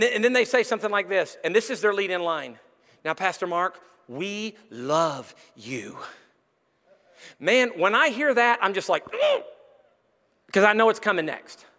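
A man preaches an animated sermon in a strikingly high, forceful voice. He breaks into sudden shouts and acts out other people's lines. The sound carries the long reverb of a church hall. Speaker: senior pastor. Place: church sanctuary.

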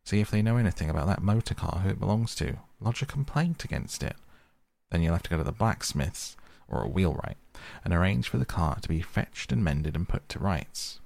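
A man voicing a sharp, practical male water rat who is fed up with his friend. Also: low voice, animated, a little fast, creaky, no room sound.

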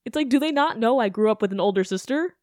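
A woman's voice: on the high side, lively intonation, fast talker, a little mellow, dry recording, clean studio sound. A young adult woman hosting a podcast, ranting in a chatty, sarcastic way with self-questioning asides. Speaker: podcast host. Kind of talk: casual podcast rant.

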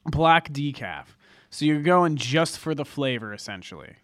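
A man's voice: on the high side, animated, unhurried, no echo, studio quality. A young man co-hosting a podcast in casual, teasing chat, full of slang and jokes. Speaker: podcast co-host.

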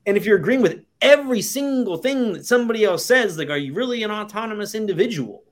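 A man's voice: sits high, expressive, fast. A man hosting a podcast in casual chat, talking frankly and swearing now and then. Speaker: podcast host.

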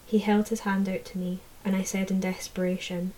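Woman reading a fantasy novel aloud, calm and measured, warm dark tone, pretty level pitch. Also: poor audio. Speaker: audiobook narrator. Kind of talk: scripted first-person narration.

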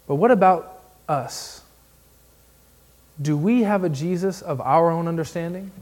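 A man's voice: on the high side, darkish tone. A man with a Southern accent preaching a sermon as a candidate for pastor, building his points into emphatic lists.

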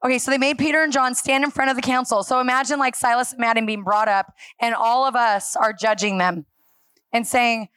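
A woman preaching a sermon to a church congregation, telling stories with animated acted-out dialogue. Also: fairly high pitch, a little fast, smooth, no room sound. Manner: animated storytelling, acting out dialogue and laughing.

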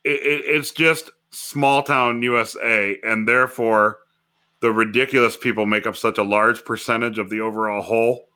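A man from Illinois, co-hosting a casual podcast chat, talking in an animated way with lots of fillers and frequent laughs. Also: fairly low pitch, moderate pace, clean tone. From Wilmington, Illinois, USA. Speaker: podcast co-host. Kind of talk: casual chat about a TV show.

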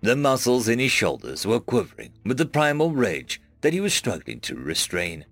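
A man narrating a first-person science fiction story in a measured storytelling manner. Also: medium pitch, huge pitch swings, a bit bright, no room sound. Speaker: audiobook narrator. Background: faint background music.

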